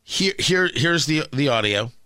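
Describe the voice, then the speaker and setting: A man hosting an opinionated talk radio commentary, emphatic and animated, with hesitant fillers. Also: a little high, measured pace, heavy background noise.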